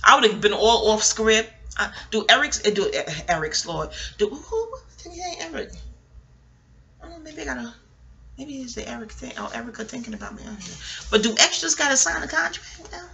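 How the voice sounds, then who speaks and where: A sassy middle-aged woman from New talks in a loose, wandering monologue, cursing freely as she goes off on tangents. Her New colors a bright, forceful voice that leaps high and drops low. It sounds like a casual, unscripted vlog. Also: lively intonation, brisk, gravelly. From New York. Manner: profane, digressive, sassy. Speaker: TV recap vlogger.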